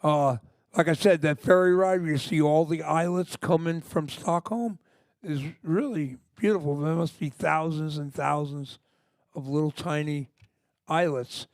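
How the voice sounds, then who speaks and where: Rambling, high-voiced older man. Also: a little slow, a little mellow, no room sound, studio quality. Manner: rambling, enthusiastic storytelling. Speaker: punk singer, guest. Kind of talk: casual live interview talk. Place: library music department before an audience.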